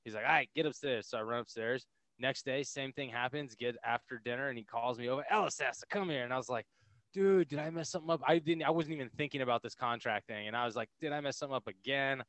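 Man, 30s, from the US, podcast guest, quick, dry close sound, lively storyteller. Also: mid-range voice, dry recording. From United States. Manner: energetic, laughing, acts out quotes. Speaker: podcast guest, military veteran. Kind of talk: casual storytelling interview.

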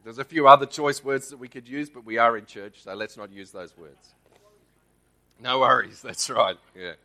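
An Australian lay preacher gives a conversational Bible teaching in church, frequently checking in with the congregation. His voice is medium-pitched, bright and forceful, at a normal speed.

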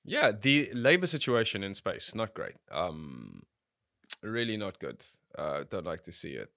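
A man's voice: low-pitched, measured pace, gravelly, dry recording, studio quality. A man co-hosting a casual film podcast, laughing and swearing as he talks. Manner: laughing, swearing, lively asides. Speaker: podcast co-host.

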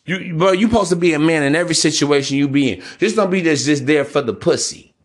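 A man's voice: on the high side, fast. Blunt, profane male podcaster. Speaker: podcast host. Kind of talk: casual monologue.

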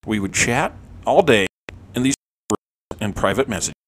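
A man's voice: on the low side, animated, moderate pace, a bit bright, slight background noise. A man hosting a podcast, telling a personal story in a rambling, profane, self-deprecating way, with lots of "um"s. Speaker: podcast host. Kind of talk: casual storytelling monologue.

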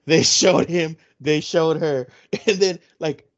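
A man co-hosting a casual podcast, animated and laughing often, retelling scenes with lots of swearing in a dull lo-fi recording. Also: on the high side, takes it slowly. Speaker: podcast co-host. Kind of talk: casual film chat. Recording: dull lo-fi sound.

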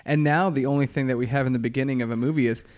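A man co-hosting a podcast in casual chat, animated and laughing along. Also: medium pitch, very fast. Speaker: podcast co-host.

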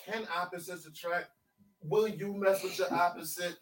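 A man co-hosting a podcast in casual chat, animated and joking. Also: high voice, moderate pace, recorded from a distance, low-quality recording. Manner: animated, laughing banter. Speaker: podcast co-host.

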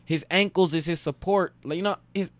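A man from Cleveland in his late twenties, a podcast guest telling profane, animated stories in a casual chat. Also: sits high, fairly quick, no echo. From Cleveland, Ohio. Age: late 20s. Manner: profane, animated anecdote-telling with frequent laughs.

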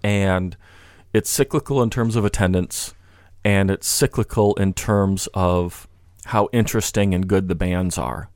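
A man with a fairly low voice talks in a loose, rambling way, full of restarts and fillers. It is a casual podcast conversation. The sound is dry and close. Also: unhurried, darkish tone, no room sound. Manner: rambling, many restarts and "you know" fillers.

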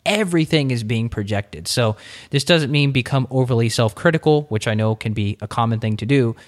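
A man hosting an interview podcast, telling stories in a lively, expressive way. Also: mid-range voice, a little fast. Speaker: podcast host. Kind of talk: casual interview chat.

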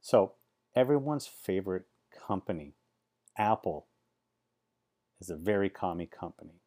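A man's voice: low voice, expressive, a little slow, mellow. A man, giving chatty, sarcastic vlog commentary full of rambling asides. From Silicon Valley, USA. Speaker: vlogger.

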